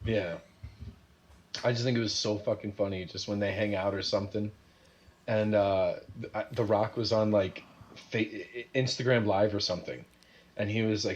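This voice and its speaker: A man from Utah, a guest in a casual podcast chat, relaxed and quick to laugh. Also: fairly low pitch, highs cut off. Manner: relaxed, laughs easily, short agreeing replies.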